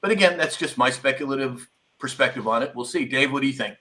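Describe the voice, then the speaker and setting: A man's voice: mid-range voice, quick pace, sharp tone. A man hosting a live-stream talk show, rambling casually and reading viewer comments aloud.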